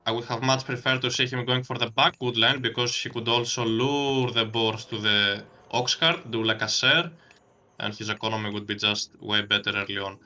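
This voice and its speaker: A man's voice: mid-range voice, fairly even intonation, normal speed, pushed and bright. A man casting a strategy game match, breaking down plays analytically and laughing easily. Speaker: esports caster. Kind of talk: game commentary.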